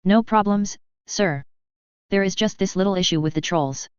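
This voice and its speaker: A woman's voice: mid-range voice, moderate pace, smooth, dry recording, natural voice. A woman reading as a servile horned furry creature. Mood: deferential. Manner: deferential report, addressing lord. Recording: slightly dull lo-fi audio.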